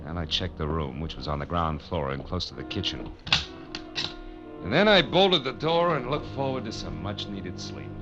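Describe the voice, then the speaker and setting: A man playing a hard-boiled, wry private eye in a vintage radio drama, narrating and talking in a dry, wisecracking way. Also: deep voice. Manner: dry, wisecracking, soothing to others. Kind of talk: 1940s radio drama acting with first-person narration. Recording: lo-fi vintage radio broadcast with music.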